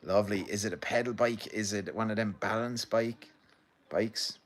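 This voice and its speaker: Irish male streamer, low voice, loose sweary chat with viewers, rambling. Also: fairly even intonation, moderate pace. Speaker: livestream host. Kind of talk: casual chat reading viewer comments.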